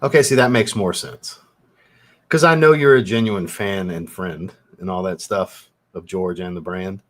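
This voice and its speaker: A man's voice: low voice, moderate pace. A man hosting a fragrance livestream, chatting casually with viewers, laid-back, swearing freely and laughing often. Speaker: fragrance reviewer and channel host.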